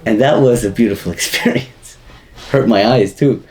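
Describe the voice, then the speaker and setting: A man's voice: medium pitch, normal speed, a little mellow. A man giving an informal Torah class, rambling and chuckling as he mixes in Hebrew and Yiddish terms. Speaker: Torah teacher.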